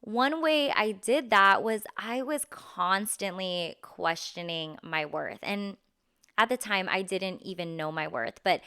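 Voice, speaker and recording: Young woman host, bright clear voice, candid and slangy, chatty personal storytelling. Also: mid-range voice, slow. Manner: candid, animated, slangy, laughs often. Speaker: podcast host.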